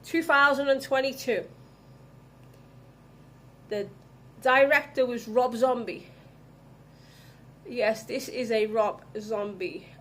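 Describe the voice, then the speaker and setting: A woman's voice: on the high side, slow pace, long pauses. A woman vlogging, ranting angrily with heavy swearing. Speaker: vlogger reviewing films. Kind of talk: casual ranting vlog.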